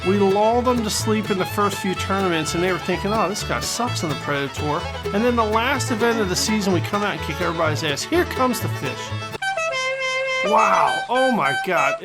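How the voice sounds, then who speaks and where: Joking guy doing game commentary, gravelly voice, guitar music playing underneath. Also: high-pitched, normal speed. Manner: excitable, joking, trash-talking. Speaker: gaming channel host.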